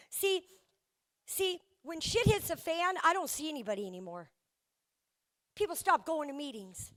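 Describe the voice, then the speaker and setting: High-voiced woman telling her recovery story. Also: a bit bright. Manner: candid, humorous storytelling with frequent restarts. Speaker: guest speaker sharing her recovery story. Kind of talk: live recovery meeting talk. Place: event venue before a live audience.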